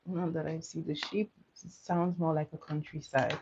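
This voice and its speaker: A woman's voice: deep voice, flat delivery, moderate pace, darkish tone, slight background noise. A young woman doing a casual livestream makeup tutorial, chatty, laughing often and asking her viewers questions. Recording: dull lo-fi audio.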